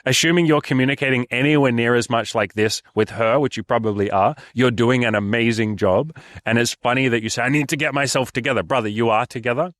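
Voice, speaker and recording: A man's voice: mid-range voice, fairly quick, few pauses, a bit bright, dry recording. A man giving frank, casual dating advice, swearing freely and calling the listener brother. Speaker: dating coach.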